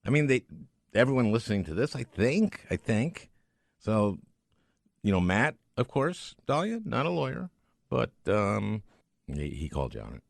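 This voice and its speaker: A man's voice: on the low side, sing-song, moderate pace, creaky, no room sound, studio quality. A man hosting a podcast interview, talking in an impassioned, emphatic way as he makes his case. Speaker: podcast host.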